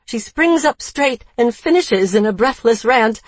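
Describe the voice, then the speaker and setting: A woman narrating a dark thriller in the first person, with a tense, wry storytelling manner. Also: a little high, expressive, a little slow, hardly any pauses, dry recording.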